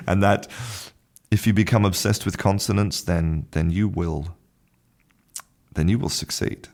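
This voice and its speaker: A man's voice: low voice, slow pace, pauses often, darkish tone. A man hosting a language podcast, teaching pronunciation in a casual, thinking-aloud monologue with frequent restarts and chuckles.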